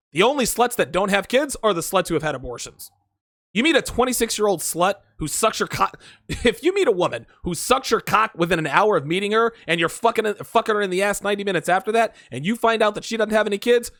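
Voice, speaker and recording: A man's voice: high voice, bright, forceful tone, no echo, studio quality. A man hosting a dating advice stream, talking in a crude, profane, rambling solo monologue and repeating himself for emphasis.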